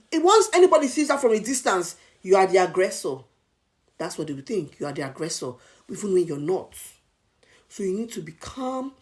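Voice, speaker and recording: A woman's voice: medium pitch, darkish tone. A woman from Nigeria with a Nigerian accent, giving casual advice to viewers in an emphatic, repetitive coaching manner. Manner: emphatic, repeats points, coaching tone. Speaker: advice vlogger.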